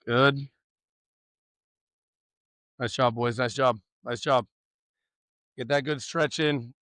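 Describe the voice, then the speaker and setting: A man coaching young pitchers through a warm-up, loud and upbeat, teasing the players between drills. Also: steady tone, slow pace, no room sound, clean studio sound.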